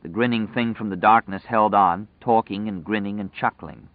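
Male audiobook narrator, measured and dramatic, low voice, tinny phone-like sound. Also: no room sound.

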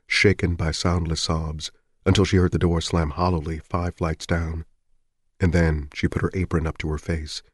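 A man reading a novel aloud in a measured, somber narration. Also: low-pitched, no echo, clean studio sound. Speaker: audiobook narrator. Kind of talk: scripted narration.

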